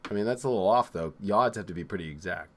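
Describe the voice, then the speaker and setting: A man hosting a live astrology show, talking in a rambling, excitable and profane way, swinging from loud outbursts to low mutters. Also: fast talker. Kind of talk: live-streamed casual astrology talk.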